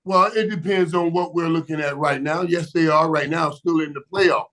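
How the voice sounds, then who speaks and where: A man's voice: a little high, moderate pace, fairly bright tone. A man, a guest on a sports talk show, talking emphatically, repeating himself and breaking into laughter.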